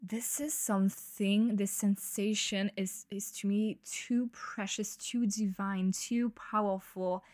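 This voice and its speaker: Slow-talking young woman, dry close sound. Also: medium pitch, fairly even intonation, darkish tone, no echo. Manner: slow, breathy-edged, laughing and swearing freely. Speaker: podcast host. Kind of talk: casual solo podcast monologue.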